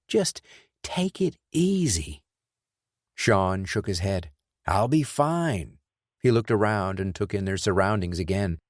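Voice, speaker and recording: Casting: low-voiced male narrator, steady thriller reading, dry close recording. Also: dry recording. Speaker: audiobook narrator. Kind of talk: scripted narration.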